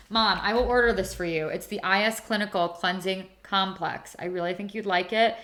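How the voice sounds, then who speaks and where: A young woman hosts a beauty livestream, doing her skincare while chatting casually with viewers. Her medium-pitched voice is pushed and bright, and she giggles as she reacts to comments.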